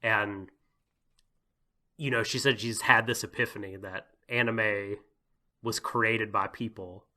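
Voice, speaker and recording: A man with a bright, forward tone co-hosts a casual podcast. He talks in a thoughtful, hedging way and laughs easily. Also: lowish voice, fairly even intonation, slow, pauses often. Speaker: podcast co-host.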